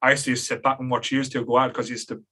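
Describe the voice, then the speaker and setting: A man's voice: mid-range voice, little pitch movement, very fast, bright, forceful tone, slightly rough. A man hosting a podcast in casual chat, rambling with fillers and restarts and laughing easily. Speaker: podcast host.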